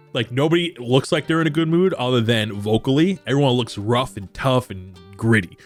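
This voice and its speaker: A man narrating as game master of a tabletop game, describing scenes in a rambling, animated way. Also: medium pitch.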